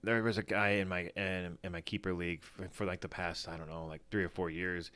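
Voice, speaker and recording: Low-voiced man rambling on a morning stream. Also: little pitch movement, a little fast, pushed and bright, dry recording. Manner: rambling, self-deprecating, many fillers and restarts. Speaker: fantasy football streamer. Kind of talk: casual solo livestream chat.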